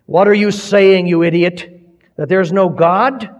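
Preacher doing a big furious miner, thundering, menacing, lifted pitch, dull echoing sound. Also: male voice, unhurried, darkish tone. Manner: thundering, threatening. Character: brawny reformed male miner, furious and blunt. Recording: dull recording with long hall reverb.

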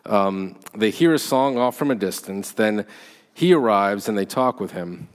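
A male teacher giving a measured lecture with frequent "uh" and "um", reading literature aloud and explaining it. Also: lowish voice, lively intonation. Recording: long hall reverb.

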